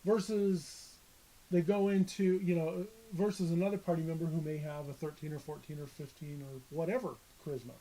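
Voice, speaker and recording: A man's voice: fairly high pitch, fairly even intonation, fairly quick, mellow, rough recording. A man who is a dungeon master, chatting casually on a podcast and often restarting his sentences. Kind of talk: casual chat.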